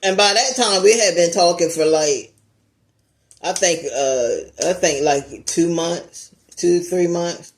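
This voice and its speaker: A woman YouTuber telling a casual story time, animated, laughing and swearing as she talks straight to her viewers. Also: fairly low pitch, slow, slight background noise.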